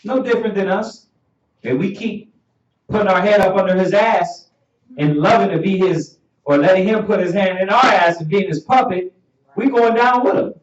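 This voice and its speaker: A man teaching a Bible class in an animated preaching style, laughing often and calling for each verse to be read. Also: high voice, moderate pace. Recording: dull echoey room audio from far off.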